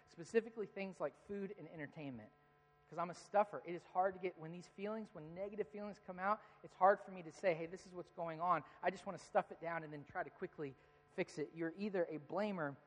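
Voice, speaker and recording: A man in his thirties preaching a sermon, telling stories about his children and acting out their lines with animated voices. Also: high voice. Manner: storytelling, animated when quoting his kids. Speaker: pastor. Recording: long reverb of a large hall.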